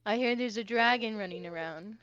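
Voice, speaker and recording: A woman putting on a smug low-voiced tiger prince. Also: a little fast, fairly bright tone, dull audio, natural voice. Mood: taunting. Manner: taunting, haughty.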